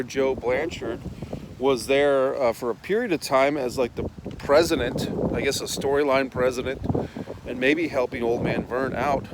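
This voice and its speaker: A man's voice: mid-range voice, noisy background. A middle-aged man hosting a casual, profane rant while walking outdoors. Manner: blunt, profane, rambling. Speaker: host.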